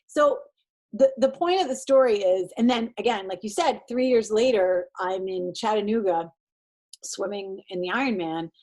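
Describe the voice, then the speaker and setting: A woman tells her story as a podcast guest, animated and self-deprecating, slipping into other people's voices as she goes. Her voice is husky and sits at a middle pitch. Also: normal speed. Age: 40s. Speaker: podcast guest, triathlete and performance coach. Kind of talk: casual storytelling interview.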